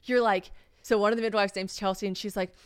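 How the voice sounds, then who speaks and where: Fast-talking young woman telling a story. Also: mid-range voice, clean tone, no room sound, studio quality. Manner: animated storytelling, acts out scenes. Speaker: podcast co-host. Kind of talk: casual chat.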